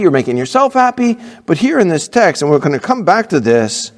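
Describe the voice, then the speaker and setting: Animated preaching pastor, man. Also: fairly high pitch, long reverb tail. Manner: animated preaching, acting out kids and parents. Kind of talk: sermon.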